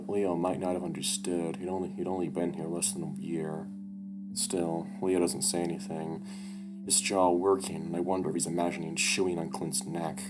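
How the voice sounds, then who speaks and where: A man with a very low voice reads a visual novel aloud in a loose, casual manner. He swears freely and drops in his own asides, with music playing clearly in the background. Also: level tone, fairly quick.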